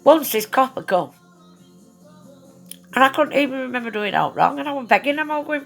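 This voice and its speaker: A woman's voice: high voice, expressive, a little fast, gravelly, long pauses, fairly bright tone, soft background music. A woman chatting into her phone, telling a story bluntly with plenty of slang and swearing. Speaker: vlogger. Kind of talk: casual storytelling monologue.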